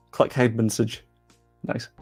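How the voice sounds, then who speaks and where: A young man with a faint Yorkshire accent chats loosely on a live stream, reading viewer comments aloud and poking fun at himself. His voice has a gravelly edge, sits at a middle pitch, and has faint music running underneath. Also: little pitch movement, slow. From England. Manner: chatty, self-deprecating, reads comments aloud. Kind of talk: casual live-stream chat.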